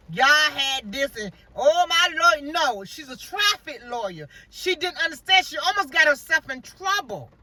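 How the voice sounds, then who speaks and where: A woman telling a story in a casual vlog rant, acting out quoted dialogue and exclaiming about God. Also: fairly high pitch. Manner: animated, acts out quoted dialogue, religious exclamations. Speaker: vlogger. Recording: voice from far off the mic.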